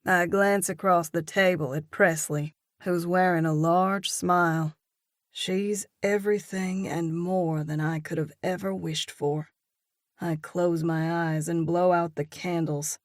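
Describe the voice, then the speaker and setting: A woman narrating an audiobook in a measured, reflective first-person reading. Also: fairly low pitch, steady tone, no room sound, clean studio sound.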